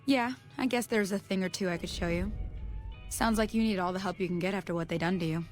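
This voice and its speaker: Picture a young woman acting as a helpful frontier guide in a game, speaking in a folksy, homespun way. Her pitch sits in the middle of the range. Soft music plays faintly behind her. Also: fast talker, close to an everyday voice. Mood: easygoing. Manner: folksy, homespun country talk. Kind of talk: video game dialogue.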